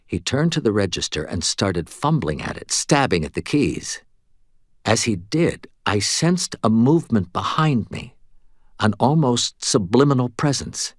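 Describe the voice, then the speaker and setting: Lively low-voiced male audiobook narrator. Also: no echo, clean studio sound. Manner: wry, conversational storytelling. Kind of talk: first-person novel narration.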